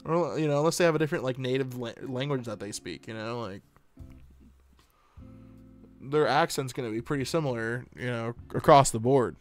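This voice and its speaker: American guy on a live stream, goofy and chill, smooth voice, faint music under it. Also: medium pitch, normal speed. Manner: playful, joking, laughs often. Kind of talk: casual live-stream chat, reading chat aloud.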